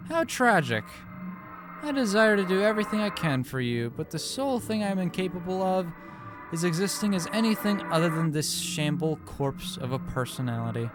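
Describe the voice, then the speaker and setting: A man's voice: sits high, expressive, normal speed. Yuri, a man voicing a brooding obsessive girl. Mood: despairing. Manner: solemn, overwrought delivery. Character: shy obsessive teenage girl, brooding and intense. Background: background music.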